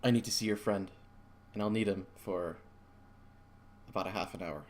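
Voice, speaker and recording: A man voicing a calm old male shaman in a tabletop game, quiet and measured. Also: on the low side, natural voice.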